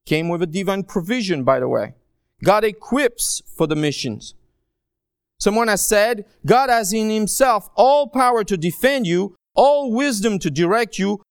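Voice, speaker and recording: A man preaching a sermon as a guest speaker, animated and joking, swinging between quiet low asides and raised emphatic cries. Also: smooth, no echo, studio quality. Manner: joking, self-deprecating asides.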